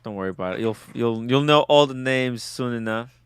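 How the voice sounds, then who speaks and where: A man's voice: mid-range voice, fairly quick, clear, resonant tone, dry recording. A man hosting a casual livestream, teasing and playful.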